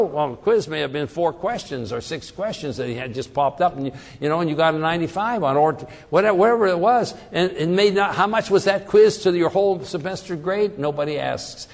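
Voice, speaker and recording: A man's voice: a little high, a little mellow. A man giving a classroom lecture, illustrating his points by acting out example phrases with changing emphasis. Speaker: teacher. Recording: long hall reverb.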